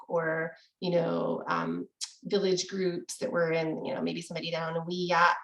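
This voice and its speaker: A woman's voice: on the low side, vocal fry, reverberant, poor audio. A woman teaching a casual online language lesson, explaining in a chatty way and laughing easily, over a video call. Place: room with echo, video call.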